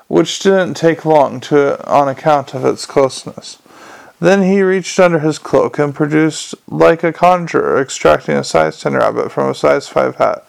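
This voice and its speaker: Creaky-voiced man narrating an audiobook. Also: on the high side.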